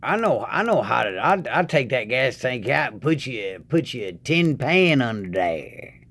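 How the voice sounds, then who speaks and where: A man's voice: medium pitch, big pitch swings, a little slow, creaky, a bit bright, exaggerated voice. A man doing a drawling rural know-it-all. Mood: bossy. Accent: rural Southern American drawl.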